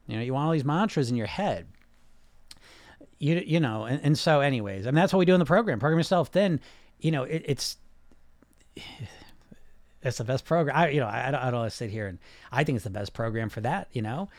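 A man hosting a podcast as a weight loss coach, talking bluntly with swearing and rapid rhetorical questions. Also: mid-range voice, expressive, dry recording. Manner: mocks listeners with put-on whiny voices. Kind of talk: casual podcast monologue.

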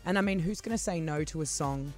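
A woman's voice: low voice, fast talker, darkish tone, soft background music. Female co-host, chatty and giggly gossip reader. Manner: chatty, giggly, matter-of-fact. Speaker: radio show co-host, gossip reporter. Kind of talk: casual radio chat.

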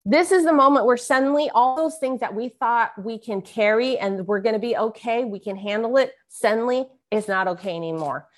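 A woman's voice: a little high, a little fast, hardly any pauses. A woman from San Francisco, a guest author, reading from her memoir and talking about it with earnest, vivid emotional emphasis. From San Francisco, USA. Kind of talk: memoir reading mixed with conversation.

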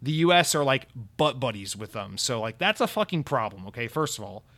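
A man's voice: medium pitch, expressive, brisk, fairly bright tone. A young man from the United States hosting a podcast, ranting in a heated, sarcastic and profane way. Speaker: podcast host. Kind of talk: opinionated podcast rant.

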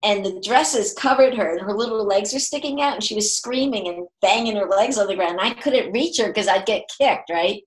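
Older woman, conversational parenting talk, lively storyteller who voices her quotes. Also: mid-range voice, normal speed, hardly any pauses, low-quality recording. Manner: animated, acts out quoted voices, laughs often.

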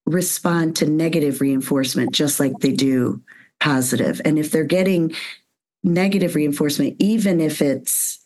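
A woman with a notably low voice hosts a conversational podcast interview. She affirms what her guest says and adds her own points in loose, rambling sentences. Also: moderate pace. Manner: warm, affirming, rambling with restarts. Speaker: podcast host.

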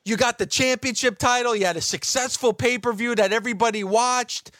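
A man's voice: very high voice, brisk, a bit bright, no room sound, studio quality. A man co-hosting a talk radio show, defensive and insistent, repeating his points in heated banter.

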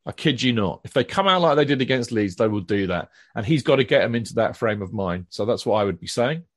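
A man's voice: mid-range voice, animated, fast talker, no echo. Emphatic man, dry sound. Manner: emphatic, repeats phrases for weight. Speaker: podcast co-host. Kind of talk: casual football chat.

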